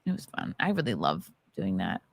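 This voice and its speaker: A woman's voice: very deep voice, big pitch swings, normal speed, creaky. A woman hosting a podcast who chats casually, laughs often and reads news items aloud. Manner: giggly, laughs often between remarks. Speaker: podcast host. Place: podcast studio.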